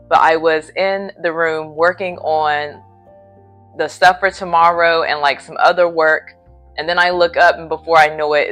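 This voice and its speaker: A woman preacher recounts a personal faith story in a casual vlog filmed in a hotel room, earnest, faith-filled, and a little sleepy. Her voice sits low with a slight brightness.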